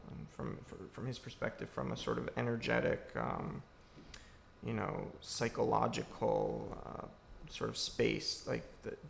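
A man's voice: medium pitch, creaky, a bit bright, slight background noise. A man, a filmmaker, answers audience questions after a screening in a church, reflective and searching for his words.

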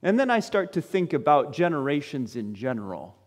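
A man preaching a sermon to his congregation, firing off rhetorical questions and swinging between loud exclamations and quiet, low asides. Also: big pitch swings, fairly quick, long reverb tail. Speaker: pastor.

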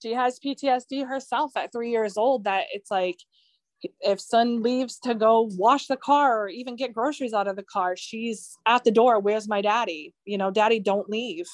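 A woman's voice: on the high side, moderate pace, dry recording. A woman guest telling her family's story in an earnest, rambling way, with many fillers. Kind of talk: emotional personal account.

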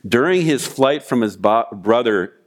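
A man preaching a sermon as pastor, retelling scripture and a personal story with animated storytelling. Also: mid-range voice, measured pace. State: weeping, choked voice in retold prayer.

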